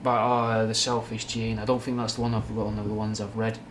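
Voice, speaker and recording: A young man from Manchester, England, runs a casual livestream, rambling frankly through viewers' questions with slang and swearing in a Mancunian accent that has a slight Scouse twang. His lowish voice is completely flat and fairly quick, and background noise is present.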